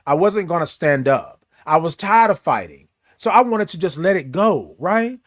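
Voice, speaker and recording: A man speaking a motivational talk on a live stream, with a fairly high voice that rises and falls a great deal. He talks in a preachy way, repeats his phrases, and greets viewers from the chat. The sound is dry and close. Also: animated, moderate pace, no room sound. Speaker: host.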